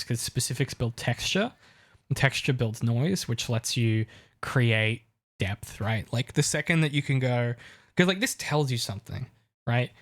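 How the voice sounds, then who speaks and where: A man co-hosting a podcast, breaking down TV dialogue in an eager, analytical chat. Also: medium pitch. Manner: enthusiastic, lots of restarts. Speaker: podcast co-host.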